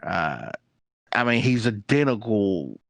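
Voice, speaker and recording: A man's voice: fairly low pitch, sing-song, slow pace, vocal fry, no echo. A man who is a guest on an interview show, telling rambling, plain-spoken stories about his family. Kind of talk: casual interview chat.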